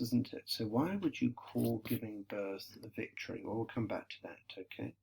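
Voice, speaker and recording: A man's voice: medium pitch, gravelly, husky, poor audio. A man teaching a poetry lesson, explaining patiently and checking in with short tag questions. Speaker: English literature teacher.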